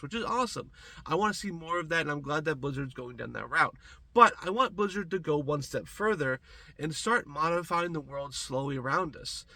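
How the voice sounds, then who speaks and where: A man talks through rambling, casual gaming commentary with a stuffy, congested voice. He sits slightly high for a man and sounds bright and forceful. The sound is close and dry, with no room around him. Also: dry recording. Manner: rambling, chatty, addresses viewers as guys. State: congested from a cold. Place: small closet.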